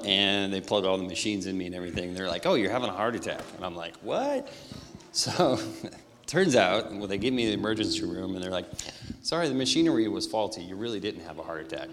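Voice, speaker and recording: Low-voiced man giving testimony in a hall. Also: fairly bright tone. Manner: casual, conversational. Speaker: church member giving testimony. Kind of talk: spoken testimony. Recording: echoey hall with faint noise.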